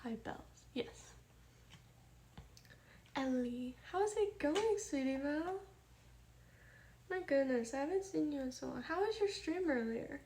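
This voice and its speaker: A young woman from the American Midwest, streaming live and chatting softly with her viewers, greeting them by name and reading their messages aloud. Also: high voice, lively intonation, a little slow, pauses often, a little hiss or hum. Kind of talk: casual chat with chat readers.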